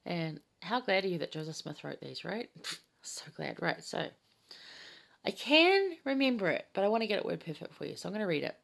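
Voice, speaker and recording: A woman in her fifties with a low, gravelly voice, talking through scripture in a chatty, enthusiastic way. She sounds heartfelt and warm toward her listeners, as if teaching a small study group. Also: fast talker. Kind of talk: casual gospel study chat.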